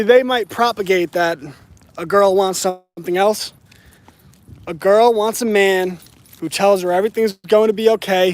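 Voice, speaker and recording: A high-voiced man delivers a preachy vlog monologue outdoors as he walks his dog. He repeats himself often and keeps checking in with "right?". The sound is a casual phone recording out on the street. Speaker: channel host. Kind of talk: casual talk to camera while walking the dog.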